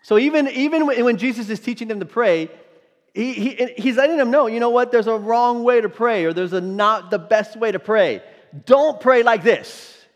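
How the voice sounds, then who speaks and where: A male pastor with a very high voice preaches briskly and emphatically. He peppers the congregation with rhetorical questions. The sound carries long hall reverb from the church sanctuary.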